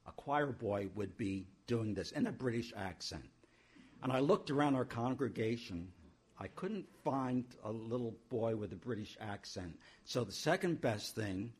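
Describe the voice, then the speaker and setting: A man's voice: mid-range voice, darkish tone, breathy edge. A male pastor introducing a church service in a conversational way, with homely asides.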